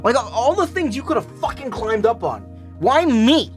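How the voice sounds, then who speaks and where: A woman's voice: fairly high pitch, very animated, normal speed, faint music behind. A swearing, dramatic woman streamer. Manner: swears freely, dramatic, laughs at herself. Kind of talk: casual live-stream chat.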